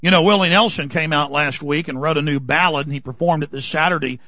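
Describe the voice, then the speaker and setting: A man's voice: fairly high pitch, quick pace, bright, forceful tone, no echo, highs cut off. A man from Texas, delivering an impassioned, indignant talk radio monologue full of restarts. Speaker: political commentator.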